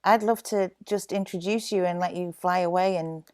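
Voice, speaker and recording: A woman with a lower, smooth voice hosts a casual interview over a video call. She is chatty and asks her guest leading questions. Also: fairly even intonation, moderate pace. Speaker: festival host and interviewer.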